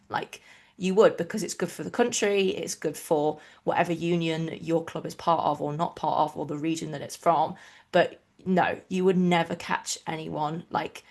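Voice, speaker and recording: An English woman from the East Midlands co-hosts a rugby podcast. She speaks with a fairly neutral accent in an opinionated, lively way, and her voice sits slightly low. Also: vocal fry. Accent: neutral English with a mixed regional touch. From England, East Midlands. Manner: opinionated, animated, quick asides. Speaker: podcast co-host. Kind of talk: casual chat.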